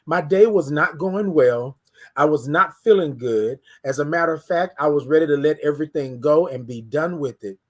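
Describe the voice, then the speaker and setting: A man hosting a casual morning livestream, telling a story with lively quoted voices and repeated words. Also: a little high, normal speed. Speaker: host.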